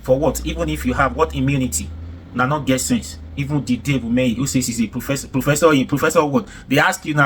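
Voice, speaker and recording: A man's voice: mid-range voice, steady tone, fast, slight background noise. A man with a Nigerian accent giving heated reaction commentary, indignant and emphatic, with lots of repetition. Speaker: commentary vlogger.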